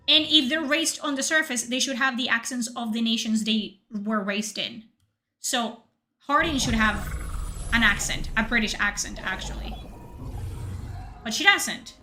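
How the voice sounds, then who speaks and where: Bright-voiced sarcastic woman streamer. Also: on the high side. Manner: sarcastic, rambling, swears freely. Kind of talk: live gameplay commentary. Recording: game music underneath.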